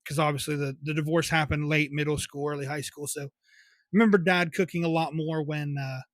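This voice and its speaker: A young man hosts a podcast on his own, rambling casually through childhood stories full of swearing and laughter. His voice is a little high with a steady tone, he talks a little fast, and the recording is dry.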